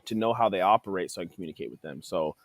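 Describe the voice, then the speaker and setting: Low-pitched man, casual podcast guest, acts out quotes, dry close sound. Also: racing, no echo. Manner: animated, acts out quoted dialogue. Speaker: training facility owner.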